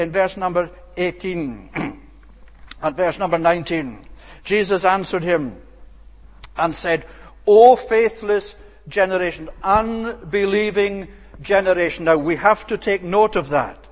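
High-voiced preacher in a reverberant hall. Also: male voice. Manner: expository Bible teaching with emphatic rises. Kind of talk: sermon.

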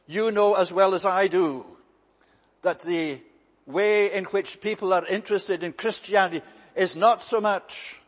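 A man preaching a sermon in a measured, emphatic way, repeating key phrases for weight. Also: high-pitched, long reverb tail.

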